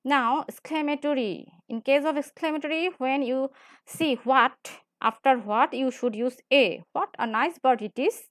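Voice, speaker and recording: High-voiced woman teaching grammar. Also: no echo, clean studio sound. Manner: repetitive, explains slowly with frequent "right?". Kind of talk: classroom lecture.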